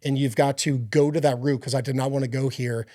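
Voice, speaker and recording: A man's voice: mid-range voice, fairly even intonation, brisk, warm tone, dry recording, studio quality. A man speaking as a podcast guest, giving an earnest, rambling personal faith testimony with many fillers and restarts.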